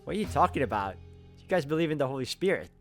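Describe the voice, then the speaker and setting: A man's voice: a little high, sing-song, racing, music in the background. A man reading a visual novel aloud and adding chuckling asides. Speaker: let's-play host.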